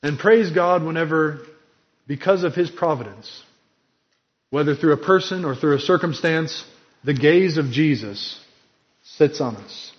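Earnest man preaching, slightly high voice. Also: a little slow, highs cut off. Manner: earnest, emphatic preaching with dramatic quoted lines. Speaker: pastor. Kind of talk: sermon.

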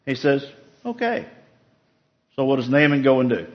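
A man's voice: medium pitch, fairly even intonation, fast. Man teaching a casual Bible study, lo-fi. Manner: conversational, asks the group questions. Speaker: preacher leading a Bible study.

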